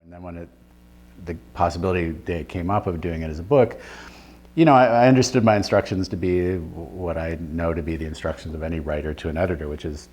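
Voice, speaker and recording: A man's voice: sits low, fairly even intonation, fast, darkish tone. A man, a writer and editor, answering interview questions reflectively, with frequent fillers and restarts. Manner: thoughtful, with many fillers and restarts.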